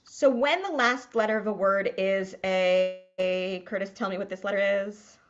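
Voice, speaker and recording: A woman's voice: medium pitch, moderate pace, muffled recording. A woman rabbi teaching a small class to read Hebrew, patient and encouraging.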